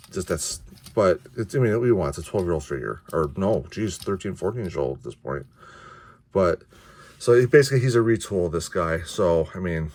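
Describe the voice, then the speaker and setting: A man casually reviewing action figures, rambling with many restarts and the odd curse. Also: low-pitched. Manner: offhand, mildly profane. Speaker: toy reviewer.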